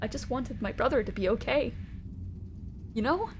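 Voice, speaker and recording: A grieving young man, voiced by a woman running a tabletop game, quiet and hurt. The voice sits a little high and stays pleading, with faint noise underneath. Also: expressive, moderate pace, natural voice. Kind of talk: voicing a character in a tabletop game.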